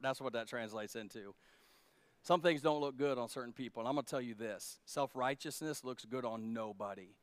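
A male pastor preaching a sermon, animated and humorous, jumping between loud emphasis and quiet asides to his congregation. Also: medium pitch, brisk, clear, resonant tone, dry recording. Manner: humorous, talks directly to the congregation.

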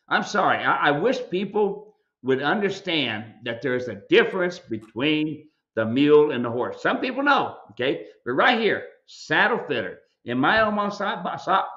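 Emphatic, folksy male host lecturing on air, with a slightly high, forceful voice and dull, lo-fi audio. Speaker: mule ranch owner and show host. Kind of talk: live video Q&A commentary.

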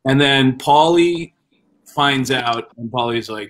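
A man's voice: medium pitch, moderate pace, pauses often, fairly bright tone, a little hiss or hum, low-quality recording. A man co-hosting a comedy podcast, telling a story in a casual, conversational way. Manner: laughing, swearing, conversational.

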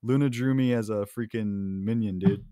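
A man's voice: on the low side, moderate pace, mellow, dry recording, studio quality. A young man in laid-back, playful role-play chat.

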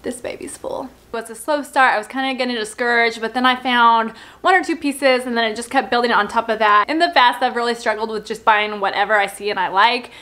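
A woman's voice: on the high side, fairly quick, hardly any pauses, pushed and bright. A young woman, congested from a cold, chatting casually and upbeat as a thrift vlogger. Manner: chatty, upbeat, filler-heavy. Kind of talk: casual vlog chat. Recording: music playing behind the voice.

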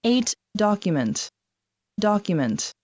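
A woman reading a vocabulary list aloud, giving each numbered word and then repeating it at an even, deliberate rhythm. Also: medium pitch, no echo, dull audio. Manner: reads each word twice, evenly paced. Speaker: vocabulary reader.

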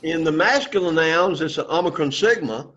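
A man's voice: a little high, expressive, moderate pace, fairly bright tone. Man teaching a Greek class. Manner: patient, repeats words for the class to echo. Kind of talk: classroom lesson with call-and-response drills. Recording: dull lo-fi classroom recording.

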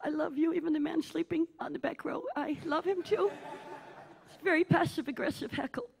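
A cabaret performer with a very high, steady, vocal-fried voice speaks briskly in live stage character comedy. She plays a needy, self-obsessed aging diva, gushing melodramatically and teasing the theatre audience.

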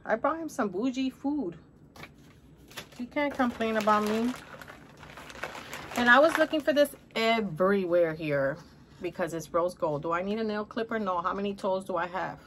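Woman, middle-aged, Spanish accent, mid-pitched voice, chatty and upbeat, casual haul vlog. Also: expressive, moderate pace, pauses often, fairly bright tone, a little hiss or hum. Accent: Spanish-accented English. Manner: chatty and upbeat, calls viewers honey. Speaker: haul vlogger. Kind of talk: casual shopping haul chat.

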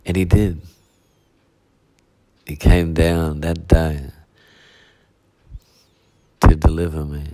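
A man preaches a midweek sermon in a very deep voice. He takes his time, leaning on repetition and rhetorical asides as he works through his points. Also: little pitch movement, drawn-out words, pauses often, dark tone. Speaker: pastor.

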